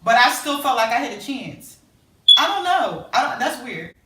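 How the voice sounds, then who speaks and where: A woman with a bright, pitched-up voice tells a painful personal story in an intense, emotional way. She acts out her own words and other people's. The room is echoey and she sits some way back from the mic. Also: big pitch swings, normal speed, recorded from a distance. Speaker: sister sharing a story.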